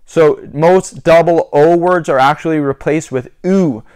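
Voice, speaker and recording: A man making a casual how-to vlog, chatty and repetitive, slowly spelling out and demonstrating words. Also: a little high, darkish tone, clean tone. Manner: chatty, repeats "you guys" and "so again". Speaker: YouTuber.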